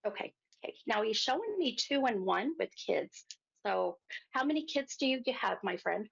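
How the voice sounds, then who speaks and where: A woman hosting a psychic show, giving a gentle reading to a caller and calling her hon. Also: fairly high pitch, big pitch swings, moderate pace, gravelly, husky. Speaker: psychic medium host. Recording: muffled lo-fi sound.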